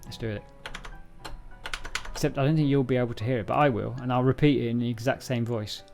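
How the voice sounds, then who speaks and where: A man with a mid-range, slightly mellow voice talks fast with fairly even intonation and some vocal fry, faint music playing behind him. On a live stream, he casually walks through a programming book as a live-coding session, rambling, joking at his own expense, and tripping over words.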